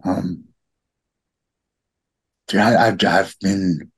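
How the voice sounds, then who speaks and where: Middle-aged guy, low gravelly voice, husky, stops and restarts a lot, heartfelt. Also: fairly even intonation. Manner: halting, repeats words, heartfelt. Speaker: podcast guest. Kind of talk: emotional personal conversation.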